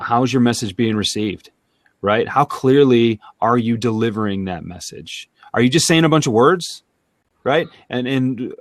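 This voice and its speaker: A man co-hosting a sales talk show, chatting casually in an animated way and thinking out loud. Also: fairly low pitch, no room sound, studio quality. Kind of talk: casual conversational chat.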